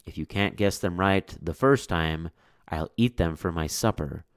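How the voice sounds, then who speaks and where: A man's voice: sits low, unhurried, no echo, studio quality. A man doing a taunting hungry witch. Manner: taunting, demanding. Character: cruel hungry old witch woman. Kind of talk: storybook read-aloud.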